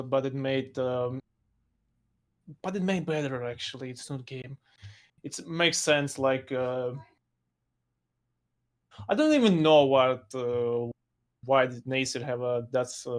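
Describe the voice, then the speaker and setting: A man speaks English at a medium pitch. His sentences come out in halting pieces, full of pauses and loose grammar. He sounds like a casual guest on a chat show. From Russia. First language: Russian. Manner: halting, broken phrasing with frequent pauses. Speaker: podcast guest.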